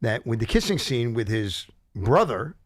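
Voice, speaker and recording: A man's voice: medium pitch, very animated, normal speed, dry recording. Dry-sounding male talk show host. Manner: conversational, steering topics. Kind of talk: casual talk show chat.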